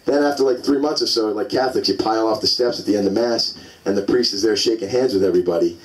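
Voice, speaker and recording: A man's voice: fairly low pitch, fast, far from the mic, poor audio. Rambling comedian in his forties. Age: 40s. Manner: loose, rambling storytelling with many fillers. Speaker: stand-up comedian. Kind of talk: stand-up comedy set. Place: comedy club stage.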